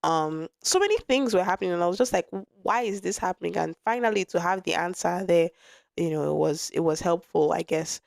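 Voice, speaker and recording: A young woman hosts her podcast, speaking frankly and chattily, often restarting mid-thought. Her voice sits on the low side and carries a slight wear from a lingering cough. The recording is close and dry, with no room sound. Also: a little fast, creaky, darkish tone, no echo. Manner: frank, conversational, with frequent restarts and asides. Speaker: podcast host. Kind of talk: candid personal storytelling.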